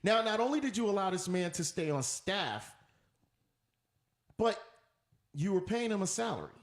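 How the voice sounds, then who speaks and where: A man's voice: high voice, very animated, moderate pace, echoey room. A man hosting a talk radio show, ranting in an emphatic, preachy way and repeating his points. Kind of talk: opinionated talk radio rant.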